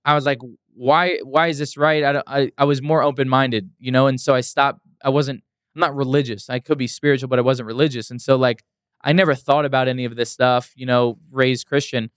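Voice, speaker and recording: Telling his story as a guest in a casual interview, a motivational speaker sounds earnest and emphatic and repeats points for emphasis. He speaks at medium pitch, steady, smooth, and a little fast, recorded dry at studio quality.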